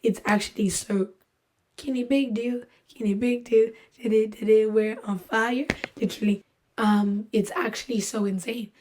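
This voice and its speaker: A woman's voice: fairly high pitch, moderate pace. A woman hosting a podcast, telling a story in a casual, jokey way, acting out what people said and filling with lots of "like". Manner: animated, jokey, full of fillers and voiced-out quotes. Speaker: podcast host.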